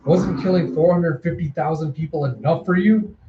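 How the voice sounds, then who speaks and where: A man's voice: a little high, moderate pace, muffled recording, background noise, voice pushed up, close to an everyday voice. A man voicing a brutal male cyborg villain who taunts and mocks, in a roomy home recording. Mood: taunting. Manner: taunting, mocking.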